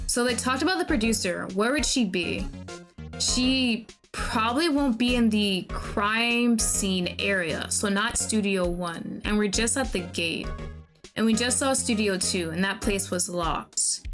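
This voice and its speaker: A young woman streaming a game at her desk mic, chatty and thinking out loud, reading game lines aloud and reacting loudly with disgust. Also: mid-range voice, animated, slow. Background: game background music.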